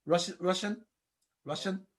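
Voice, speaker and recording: Guy cohosting a podcast, kinda high voice, rambles on explaining stuff. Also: measured pace, a crowd in the background. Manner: chatty, explains at length, tries out foreign phrases. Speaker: podcast co-host. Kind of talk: casual chat.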